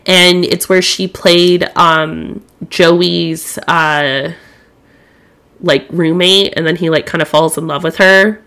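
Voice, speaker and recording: Chatty young woman, lowish voice. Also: steady tone, slow, fairly bright tone. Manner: chatty, candid, swears freely. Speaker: podcast host. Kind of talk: casual solo podcast chat.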